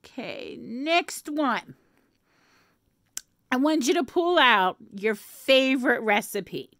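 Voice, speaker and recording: Woman vlogger, playful chatty delivery, unhurried, dry close sound. Casual to-camera read. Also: sits high, expressive, a bit bright, no room sound. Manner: playful, laughs often, drops to whispers.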